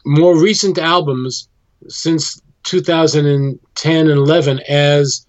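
A man being interviewed as a guest musician, explaining his ideas in a measured way. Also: on the high side, steady tone, dry recording, lo-fi sound. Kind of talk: interview conversation.

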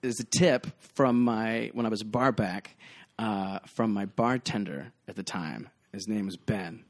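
Animated man telling bar stories. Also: fairly low pitch, measured pace. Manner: animated storyteller, acts out quoted voices loudly. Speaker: bartender, podcast guest. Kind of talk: casual podcast storytelling.

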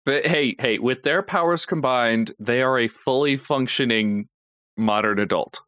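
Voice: medium pitch, unhurried, a bit bright, dry recording. Co-host making wry asides. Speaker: podcast co-host. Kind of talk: casual chat about a podcast.

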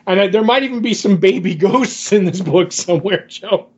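High-voiced man rambling through a recap. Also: moderate pace, darkish tone, breathy edge, lo-fi sound. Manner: rambling recap full of fillers. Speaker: podcast co-host. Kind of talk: casual comic book discussion.

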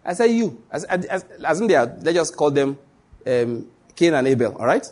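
A Nigerian male pastor preaching a live-streamed sermon, telling stories and repeating key phrases for emphasis, dropping to a hush and then rising. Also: a little high, big pitch swings, normal speed. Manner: dramatic shifts between hushed and raised voice.

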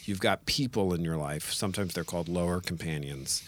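A man co-hosting a podcast, telling stories in a casual, animated way. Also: low voice, a little fast, slight background noise. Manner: animated, expressive storyteller. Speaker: podcast co-host. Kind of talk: casual chat.

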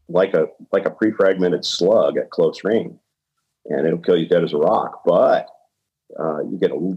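A man's voice: deep voice, darkish tone, slightly rough, muffled recording. An older man and retired ER doctor talking bluntly and frankly in a casual podcast chat, with hesitant fillers.

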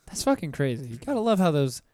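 A man on a podcast as a guest, chatting in a relaxed, casual way with some swearing. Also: on the high side, fast talker, no room sound, clean studio sound. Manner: laid-back, swearing, chatty. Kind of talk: casual chat.

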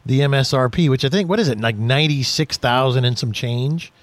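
A man's voice: medium pitch, a little fast, no echo. A man hosting a radio talk show about cars, chatting casually and telling jokey stories. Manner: jokey, lively storytelling.

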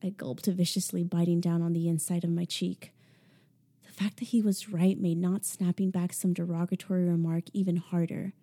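A woman reading a novel aloud as a first-person audiobook narration, measured and intimate. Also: fairly low pitch, level tone, mellow.

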